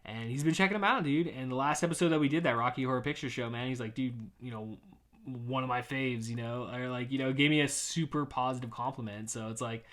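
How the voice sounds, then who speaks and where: A man in his thirties hosting a podcast, rambling through a frustrated rant with heavy swearing and many fillers, swinging between loud outbursts and mumbling. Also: medium pitch, fast talker, few pauses. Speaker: podcast host. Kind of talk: casual rant.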